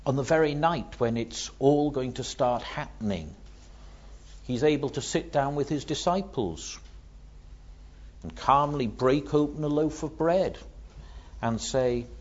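A man preaching a sermon, dramatic, swinging from hushed words to loud ones. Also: mid-range voice, measured pace, pauses often, dull audio.

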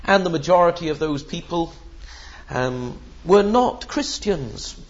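A man's voice: fairly high pitch, lively intonation, a little slow. A man preaching a sermon in an emphatic, rhetorical way, with the odd filler. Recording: dull lo-fi sermon recording.

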